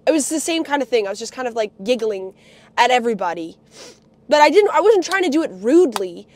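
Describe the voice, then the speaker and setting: A woman's voice: fairly high pitch, sing-song, quick pace, no echo. A young woman livestreamer ranting bitterly, full of profanity and heated outbursts. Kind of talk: livestream rant.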